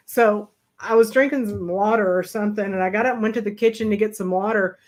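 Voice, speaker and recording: A middle-aged woman co-hosting a travel live stream, telling stories in a lively, animated way and acting out the people she quotes. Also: quick pace. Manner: animated, acts out quoted voices with big pitch jumps. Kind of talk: casual storytelling chat.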